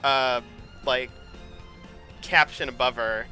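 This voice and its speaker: A man's voice: medium pitch, fairly even intonation, slow, sharp tone. A young man rambling casually on his gaming stream, chatty and loose, with swearing. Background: game music playing.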